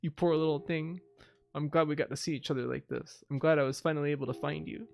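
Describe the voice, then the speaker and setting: A man voicing a brooding young male killer from a video game, reading the lines aloud in a soft, level voice. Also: on the high side, level tone, fast, creaky.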